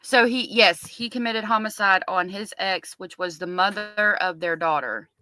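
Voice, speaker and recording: A woman's voice: mid-range voice, normal speed, sharp tone, faint music behind, low-quality recording. A middle-aged woman hosting a casual livestream, chatting with viewers and reading their comments aloud. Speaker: livestream host covering a trial.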